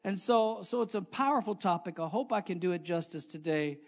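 A preacher with a high-pitched man's voice delivers his sermon. He drops into soft, low asides, then climbs into loud calls to the congregation, restarting phrases and filling gaps with "uh" as he goes. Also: expressive, brisk. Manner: swings from quiet low asides to loud rising exhortation. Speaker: pastor.

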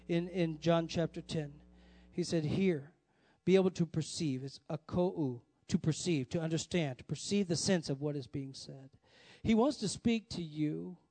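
A man's voice: a little high, warm tone, dry recording. A male pastor preaching a sermon to his congregation, emphatic and repeating key lines for effect. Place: church sanctuary.

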